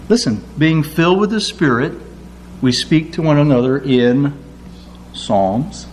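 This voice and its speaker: A man preaching a sermon, acting out quoted prayers with lively rises in his voice. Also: a little high, slight background noise. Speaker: pastor.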